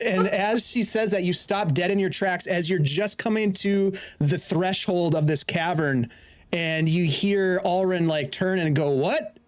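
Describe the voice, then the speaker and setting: A man's voice: high-pitched, measured pace. A man running a tabletop game as dungeon master, narrating while searching for his words.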